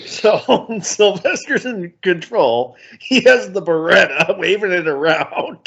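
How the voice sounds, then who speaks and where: A man co-hosts a comedy album review podcast in an amused, giggly way. His voice is fairly high and husky. The recording sounds dull and lo-fi. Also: expressive, takes it slowly, fairly bright tone. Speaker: podcast co-host.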